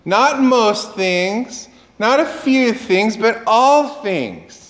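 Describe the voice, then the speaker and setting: A man's voice: high voice, animated, drawn-out words, hardly any pauses, a bit bright, in a large hall. A man preaching a sermon as pastor, conversational, quizzing the congregation and acting out quoted dialogue.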